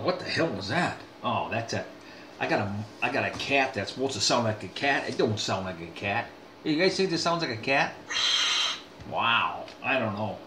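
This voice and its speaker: This casual rambling monologue comes from an older male vlogger speaking in a mid-range voice to his viewers. Folksy, with many restarts and asides, it was recorded in an echoey room with faint ambience and background noise.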